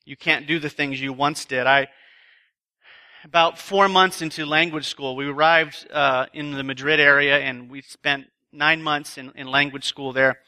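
A man's voice: fairly high pitch, fairly even intonation, measured pace, sharp tone. A man speaking at a retreat, telling self-deprecating stories in a chatty sermon to a live audience. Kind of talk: sermon with a humorous personal story. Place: live talk before an audience.

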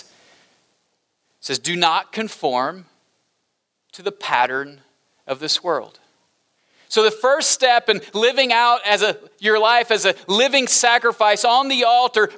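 A male pastor in middle age delivering a sermon with a high, bright voice. He moves between earnest teaching and playful, joking asides. His tone stays lively and engaging throughout. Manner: animated, humorous asides with laughter.

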